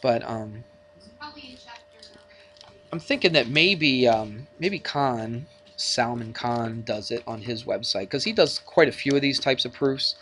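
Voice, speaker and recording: A man's voice: medium pitch, slow, a bit bright. A male math teacher lecturing a class in a classroom, chatty and jokey, bantering with his students.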